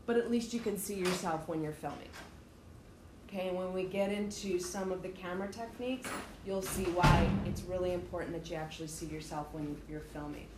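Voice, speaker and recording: A woman's voice: on the low side, fairly even intonation, brisk, very noisy. Woman teacher lecturing in an echoey room. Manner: direct, emphatic, instructive. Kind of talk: classroom lecture. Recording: echoey room, faint ambience.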